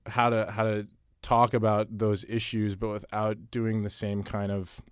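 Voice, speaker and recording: A man's voice: on the low side, monotone, a little slow, clear, resonant tone, no echo, studio quality. A man being interviewed about his writing, talking casually and thoughtfully, often restarting and repeating words. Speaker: interviewee, writer.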